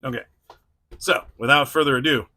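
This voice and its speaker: A man's voice: medium pitch, moderate pace, pushed and bright. A man hosting a casual toy unboxing review, rambling with frequent chuckles and restarts.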